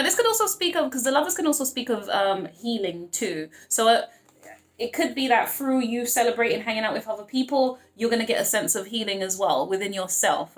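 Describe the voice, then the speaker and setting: A woman's voice: fairly high pitch, reverberant. Gushing, chatty woman tarot reader. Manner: gushing, emotional, talks straight to viewers. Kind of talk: casual tarot reading to camera.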